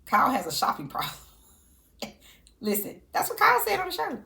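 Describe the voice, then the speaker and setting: A woman's voice: high-pitched, huge pitch swings, fairly quick, gravelly, pushed and bright. A woman giving casual, sassy reality TV commentary. She laughs often and talks to her subjects directly.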